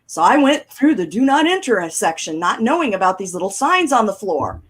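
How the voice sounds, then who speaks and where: A woman's voice: medium pitch, normal speed, breathy edge, low-quality recording. A middle-aged woman, co-hosting a casual talk show and telling chatty stories with a laugh. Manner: chatty storyteller, animated and laughing. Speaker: co-host.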